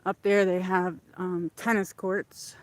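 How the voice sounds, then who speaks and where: A woman's voice: on the low side, little pitch movement, takes it slowly, no room sound. A woman hosting a casual walking livestream outdoors, chatting to her viewers as she goes. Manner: chatty, rambling, talks to viewers. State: out of breath from walking uphill. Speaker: livestream host. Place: outdoors on a walk around a lake.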